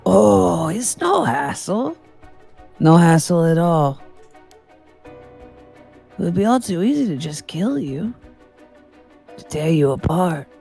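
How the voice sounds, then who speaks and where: A woman's voice: on the low side, sing-song, slow, creaky, pauses often, warm tone, faint music behind, full character voice. A woman voicing a bitter, vengeful male ex-convict while reading game dialogue, snarling, taunting and swearing. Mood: menacing.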